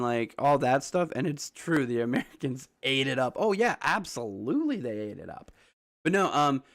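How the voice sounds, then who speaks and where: A young man talks through a theory in loose, rambling fashion, his voice sitting a little high. He restarts sentences and keeps asking himself questions as he reacts on stream. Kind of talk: casual theorizing commentary.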